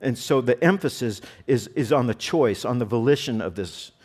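A middle-aged man delivers a sermon in an earnest, explaining way. He often restarts and repeats words mid-thought. His voice sits at an ordinary middle pitch. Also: lively intonation, moderate pace, darkish tone, husky. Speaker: pastor.

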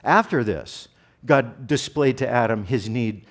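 Middle-aged guy preaching, earnest, keeps restarting words, mid pitch. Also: measured pace. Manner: earnest, repeats and restarts words while explaining. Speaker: pastor. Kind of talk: sermon.

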